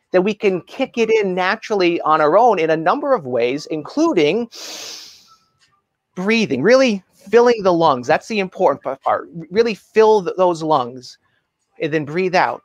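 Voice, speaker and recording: A positivity coach and speaker gives an earnest, measured motivational message, slowing down when he wants to stress a point. His pitch is fairly high and the recording is dry.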